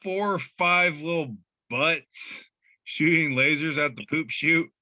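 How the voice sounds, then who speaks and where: Laughing, bright-voiced man on a podcast. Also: fairly high pitch, slow, no room sound, highs cut off. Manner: loose and profane, laughs easily. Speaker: podcast co-host. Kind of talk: casual chat reading memes aloud.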